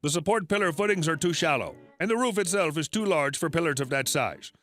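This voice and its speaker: A man voicing a calm, polite immigrant builder who stays steady under pressure. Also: a little high, fairly quick, soft background music.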